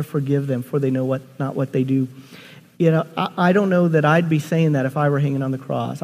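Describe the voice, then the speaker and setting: A male pastor preaching a sermon in a church, earnest and halting, often restarting his phrases. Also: fairly high pitch, a little mellow. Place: church sanctuary. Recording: long hall reverb.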